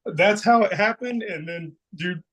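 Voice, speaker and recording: A man's voice: sits high, unhurried, a bit bright, rough recording. A man as guest on a casual chat show, telling a rambling story, swearing freely and getting emotional.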